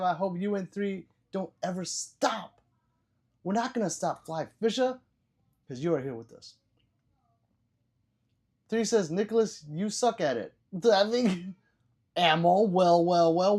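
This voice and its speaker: On a livestream, an older man reads the chat out loud in a rambling, foul-mouthed way. He stammers, repeats words, and veers from loud bursts down to low mutters.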